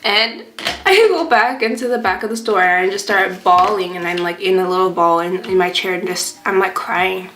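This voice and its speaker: A woman's voice: medium pitch, normal speed, fairly bright tone, slight background noise. A young adult woman vlogger telling a casual storytime while doing her makeup, chatty, full of fillers and swearing freely. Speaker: beauty vlogger. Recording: roomy sound with faint background music.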